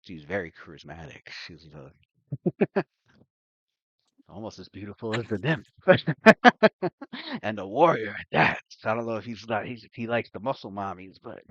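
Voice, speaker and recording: A man's voice: on the low side, very animated, measured pace, pauses often, fairly bright tone, dry recording, muffled recording. A man narrating a tabletop game as game master, rambling with many fillers and restarts and frequent laughs.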